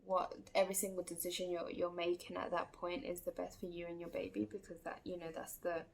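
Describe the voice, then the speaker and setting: A woman's voice: fairly low pitch, little pitch movement, a little fast, creaky, a little hiss or hum. A woman telling a personal story in a casual, chatty vlog, full of fillers and acted-out quotes. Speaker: vlogger.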